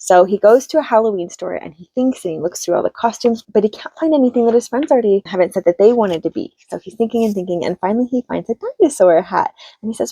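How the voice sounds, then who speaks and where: A woman's voice: medium pitch, expressive, quick pace, hardly any pauses, dark tone, breathy edge, no echo. A woman in her thirties, a homeschooling mom, chatting casually as she retells children's books with an upbeat manner. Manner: chatty and upbeat, retells stories with light laughs. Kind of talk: casual book review. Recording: slightly dull lo-fi sound.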